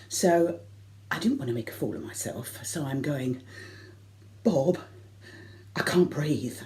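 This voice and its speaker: A middle-aged woman telling a comic personal anecdote to a concert audience, lively and self-mocking. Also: a bass voice. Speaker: variety concert performer.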